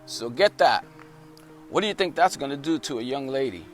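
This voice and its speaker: A man's voice: mid-range voice, expressive, normal speed, faint music behind. A male evangelist preaching a testimony story, with emphatic storytelling that builds in intensity.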